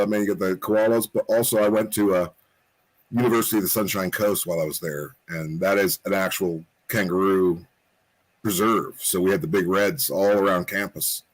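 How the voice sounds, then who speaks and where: A man's voice: deep voice, low-quality recording. Chatty, slightly tipsy man. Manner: rambling, chatty, swears freely. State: tipsy after a few drinks. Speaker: guest. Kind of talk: casual chat.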